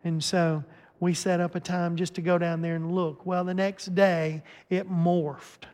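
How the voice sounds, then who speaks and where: In an unhurried manner, a high-voiced male pastor preaches and makes announcements, joking playfully while inviting people up front. The sanctuary gives his handheld microphone a long, ringing reverb.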